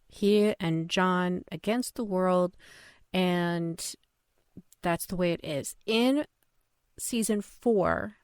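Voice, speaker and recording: A woman's voice: lowish voice, clean tone, dry recording, clean studio sound. A woman co-hosting a podcast in casual discussion, explaining a point step by step with some fillers. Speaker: podcast co-host.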